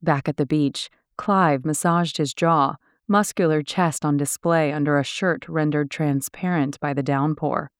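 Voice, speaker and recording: A woman reading an audiobook in steady, descriptive scripted narration. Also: deep voice, unhurried, few pauses, dry recording, studio quality.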